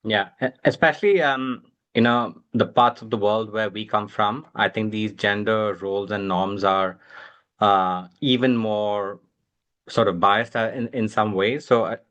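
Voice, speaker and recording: A man's voice: lowish voice, steady tone, a little slow, a bit bright, dull audio. A man speaking as a guest on a parenting panel, talking with many fillers and restarts. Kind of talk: casual panel discussion.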